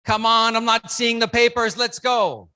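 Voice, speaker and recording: A keynote speaker at a conference who leads the audience through call-and-response and counts, breaking into loud shouts to rouse them. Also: medium pitch, unhurried. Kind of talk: motivational speech with audience participation. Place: conference room with a live audience.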